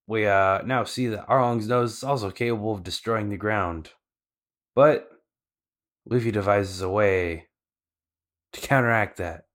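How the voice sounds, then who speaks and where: Deep-voiced man recapping casually. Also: fairly bright tone. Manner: casual and slangy, with loose fillers. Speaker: podcast co-host.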